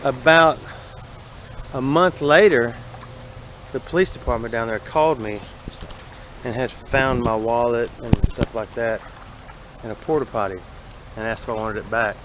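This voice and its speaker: A man's voice: medium pitch, normal speed, long pauses, noisy background. A man with a Southern US accent, rambling in a folksy way as he wades a creek and talks through the junk he finds. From Alabama. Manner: rambling, folksy, thinks aloud about his finds. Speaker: vlogger exploring a creek. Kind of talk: casual walking narration. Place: outdoors wading in a city creek. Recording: outdoor camera audio with running water.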